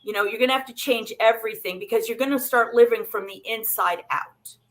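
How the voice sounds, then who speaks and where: A woman's voice: fairly high pitch, fairly quick, fairly bright tone. A woman speaking as a doctor guest on a talk show, explaining nutrition with everyday examples.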